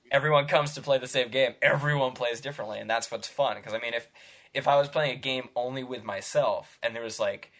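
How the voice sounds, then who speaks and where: A man's voice: medium pitch, fairly bright tone. A man hosting a casual podcast chat about tabletop role-playing, rambling and laughing between phrases. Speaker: podcast host.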